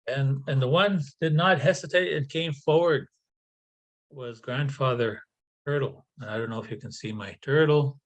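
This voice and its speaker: A man tells a traditional tale in a relaxed, conversational way over a video call. He often halts and repeats words, and breaks off for casual asides. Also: mid-range voice, moderate pace, poor audio. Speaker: storyteller. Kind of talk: oral traditional storytelling.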